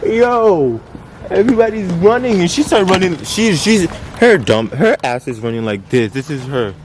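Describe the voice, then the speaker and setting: A man vlogging a story time, swearing freely and jumping to loud outbursts when he quotes people. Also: mid-range voice, moderate pace. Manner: animated, swearing, loud bursts when quoting. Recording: noisy outdoor street sound.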